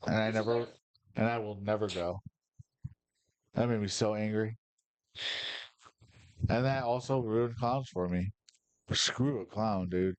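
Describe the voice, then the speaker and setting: A man's voice: fairly low pitch, unhurried, long pauses, dry recording. A man from Michigan telling rambling personal stories on a casual podcast, profane and fired up. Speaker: podcast host. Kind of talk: casual storytelling.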